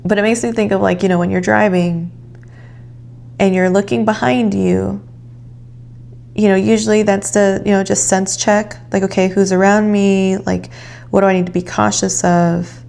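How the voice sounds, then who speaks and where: A woman giving a calm, reflective tarot reading, guiding the listener gently. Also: medium pitch, normal speed, vocal fry. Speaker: tarot reader.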